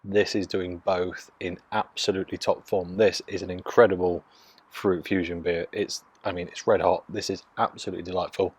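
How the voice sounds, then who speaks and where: A man, from Nottingham, casually reviewing a beer in hushed, half-whispered tones, recorded on a phone mic out in his garden. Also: deep voice, level tone, moderate pace, slightly rough. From Nottingham, England. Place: outdoors in a home garden.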